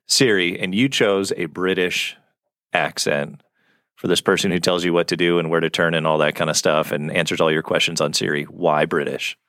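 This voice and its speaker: A man hosting a casual faith discussion, speaking in a measured way and asking questions. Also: low voice, steady tone, fairly bright tone, no room sound, studio quality. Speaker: podcast host.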